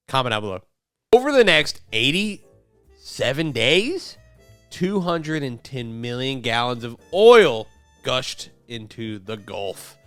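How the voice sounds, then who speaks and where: A man's voice: a little high, animated, measured pace, fairly bright tone, clean tone, no room sound, faint music behind. A young man hosting a video, reading a script aloud and breaking off for sarcastic jokes and chats with his dog. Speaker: YouTube host. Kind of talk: reading a script with joking asides.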